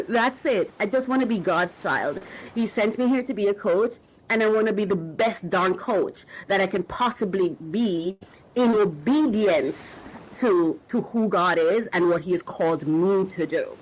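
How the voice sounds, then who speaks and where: A middle-aged woman who hosts a podcast and works as a coach gives reflective spiritual talk to listeners, speaking emotionally and searchingly about faith and often restarting as she hunts for words. Her mid-range voice is a little slow, and the recording is rough.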